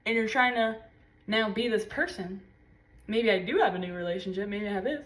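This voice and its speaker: A woman giving a casual tarot reading, talking intensely and swearing freely. She drops to low murmurs and jumps to high exclaims as she gives a spiritual pep talk. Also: fairly quick, a bit bright. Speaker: tarot reader.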